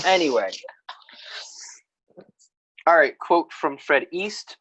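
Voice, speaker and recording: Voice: mid-range voice, big pitch swings, measured pace, long pauses, a bit bright, slightly rough, highs cut off. A podcast co-host chatting casually about writing, rambling, restarting sentences and laughing at themself.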